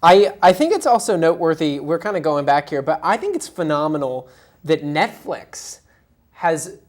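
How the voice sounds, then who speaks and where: A woman's voice: sits low, expressive, normal speed, a little mellow. A young woman co-hosting a casual entertainment talk show, gushing with lots of "like" and "just". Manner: bubbly, gushing, filler-heavy. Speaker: co-host.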